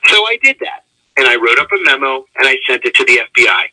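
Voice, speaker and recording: A man, a radio interview guest, telling a personal story in an animated way with vivid swings of pitch. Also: quick pace, low-quality recording.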